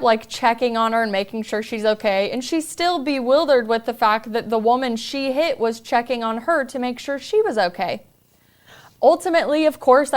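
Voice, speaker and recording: A woman's voice: on the high side, clear, resonant tone. A woman podcast host telling a personal story in an earnest, confiding way.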